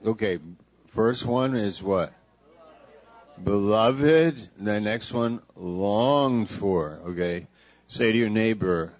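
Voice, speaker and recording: A man, a pastor leading a sermon, who slowly and playfully coaxes the congregation to repeat words after him. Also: mid-range voice. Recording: dull lo-fi church recording.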